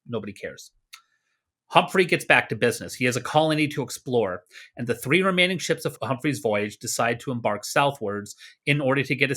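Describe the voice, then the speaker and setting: Man, from Canada, podcast co-host, bright tone, lively storytelling, jokey asides. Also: medium pitch. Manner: animated, jokey, slips into mock voices for quotes. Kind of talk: casual history storytelling.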